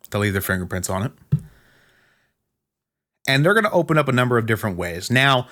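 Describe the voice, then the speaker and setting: A man's voice: mid-range voice, a bit bright. A man hosting a podcast, giving blunt, emphatic step-by-step advice in a casual monologue. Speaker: podcast host.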